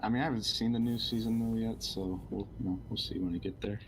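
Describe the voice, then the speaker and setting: Male co-host, relaxed and jokey, slightly low voice, faint hiss. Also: quick pace, poor audio. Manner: laid-back, joking. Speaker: stream co-host. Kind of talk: casual gaming stream chat.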